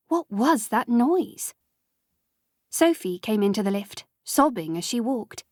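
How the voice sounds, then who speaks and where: Slow, measured woman narrator. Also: on the high side, lively intonation, a little mellow, dry recording, studio quality. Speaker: audiobook narrator. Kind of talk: scripted narration.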